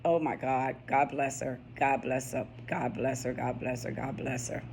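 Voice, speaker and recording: A woman's voice: extremely low pitch, little pitch movement, normal speed, gravelly, darkish tone, slight background noise. Chatty East Coast woman, laughing often. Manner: chatty, laughs easily, repeats phrases for emphasis. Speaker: vlogger. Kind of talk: personal vlog with a read-aloud poem.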